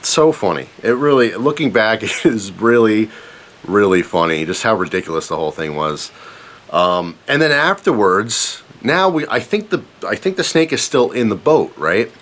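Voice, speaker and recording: A man casually telling a personal story on his channel, animated and self-mocking, rambling with fillers. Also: lowish voice, normal speed. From Pennsylvania, USA.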